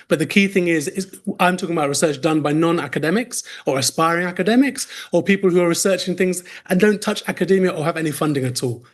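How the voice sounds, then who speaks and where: Young english guy presenting at a conference, friendly, bit higher voice. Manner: friendly, apologetic, mixes in Arabic phrases. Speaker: community researcher presenting.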